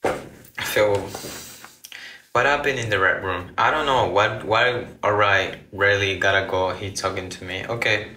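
A man with a lowish, bright, forceful voice talks unhurriedly to his live viewers. He rambles, trips over his words and starts sentences over. The room around him rings with echo. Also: steady tone, measured pace, a little hiss or hum. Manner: rambling, restarts phrases, reacts to comments. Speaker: livestreamer. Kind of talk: casual live chat with viewers.

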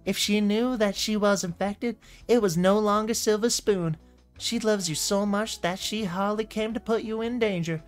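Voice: mid-range voice, moderate pace, soft background music, voice pushed up, close to an everyday voice. A reader voicing a cruel young filly pony, talking close to their own voice with no accent put on, in a dramatic comic reading. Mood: coolly cruel.

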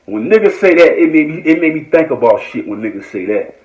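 A man from Norfolk, Virginia, on a heated, profane live-stream rant, repeating himself as he goes. His high voice swoops up and down. The phone recording sounds roomy and dull. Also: expressive, a little fast. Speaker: online commentator. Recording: echoey, dull lo-fi phone audio.

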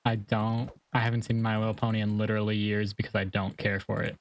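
A man's voice: fairly low pitch, flat delivery, fast talker, a little hiss or hum. A young man co-hosting a gaming stream, chatting casually with dry, teasing, matter-of-fact corrections.

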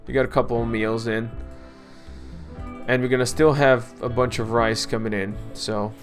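A man casually commenting on his game, coaxing his colonists, grumbling and swearing at setbacks, and clearing his throat now and then. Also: medium pitch, flat delivery, normal speed, faint music behind. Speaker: let's play gamer.

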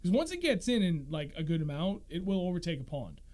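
A man in his thirties hosting a fishing podcast, telling stories in a casual, animated way and laughing often. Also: a little high, brisk. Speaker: podcast host. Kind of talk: casual chat.

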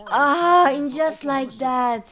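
A woman's voice: high voice, takes it slowly, fairly bright tone. A woman commenting on her own basketball video game, frustrated and exclaiming at the plays. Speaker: gamer. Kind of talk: let's play commentary.

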